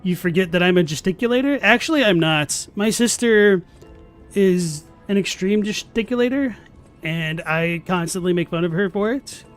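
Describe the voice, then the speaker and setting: High-voiced deadpan young man streaming. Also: moderate pace. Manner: rambling, filler-heavy. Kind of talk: casual live-stream chat while gaming. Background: faint game music.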